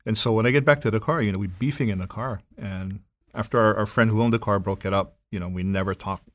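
A man's voice: fairly low pitch, quick pace, no room sound. Hawaiian man telling ghost stories. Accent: Hawaiian Pidgin-tinged. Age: 50s. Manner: animated, acts out voices in stories. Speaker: guest storyteller. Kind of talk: casual storytelling.

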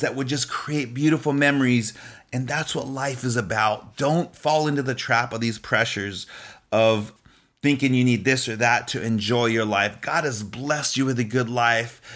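A man's voice: mid-range voice, fairly bright tone. Chatty man giving an uplifting faith talk. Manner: conversational, lots of "you know", chuckles often. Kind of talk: faith-based motivational talk.

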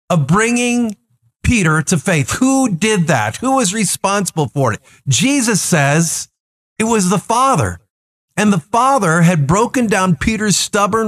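A man in his sixties, a pastor giving a daily devotional sermon in an earnest, emphatic way, stacking up rhetorical questions and lists. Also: a little high.

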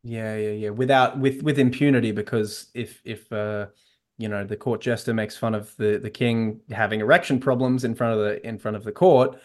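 A man's voice: lowish voice, fairly even intonation, moderate pace, darkish tone. A man hosting a podcast in casual chat, rambling, with many restarts. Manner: rambling, lots of restarts, reads scripts aloud. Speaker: podcast host.

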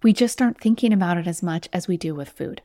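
A woman's voice: lowish voice, animated, quick pace, mellow, no room sound, clean studio sound. A woman hosting a solo podcast as a weight loss coach, talking in an encouraging, conversational way and sometimes acting out inner voices.

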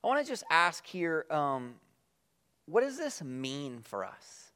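A man preaching a sermon, earnest and reflective, reading scripture aloud and letting his voice drop softly at the ends of phrases. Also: a little high, sing-song, slow. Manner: reads scripture aloud with quiet emphasis. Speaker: pastor.

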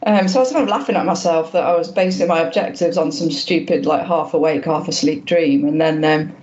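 A woman in her fifties, a guest on a podcast, talking casually and hesitantly with many pauses and restarts, modest about her achievements. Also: sits low, darkish tone, muffled recording. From Wales. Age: 50s. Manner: hesitant, lots of ums and restarts, self-deprecating. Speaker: guest, masters swimmer. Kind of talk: casual interview chat.

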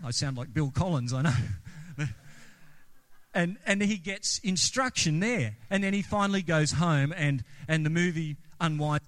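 A man's voice: fairly high pitch, a bit bright. A man preaching a sermon as a pastor, talking conversationally and asking the congregation questions. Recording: long reverb of a large hall.

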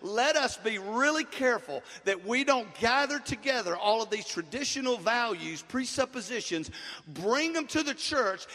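A man's voice: sits high, bright, forceful tone, in a large hall. A man pastor preaching a sermon to his church, with call-and-response and fervent emphasis. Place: church sanctuary.

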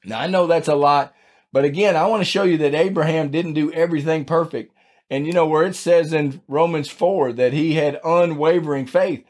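A man's voice: on the high side, moderate pace, a little mellow. A man hosting a devotional podcast, teaching scripture in a folksy, conversational way and closing in prayer. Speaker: podcast host and Bible teacher.

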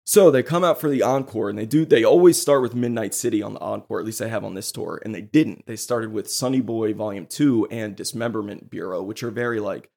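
A man hosting a podcast, excitedly telling a story in casual chat and swearing freely. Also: on the low side, brisk, vocal fry, hardly any pauses. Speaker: podcast host.

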